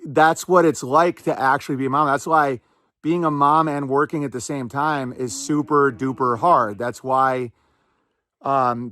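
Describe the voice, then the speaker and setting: A man's voice: medium pitch, a bit bright, no echo, studio quality. A man hosting a podcast, giving rambling, sarcastic commentary in a casual chat style. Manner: rambling, sarcastic, quick asides. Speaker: podcast host.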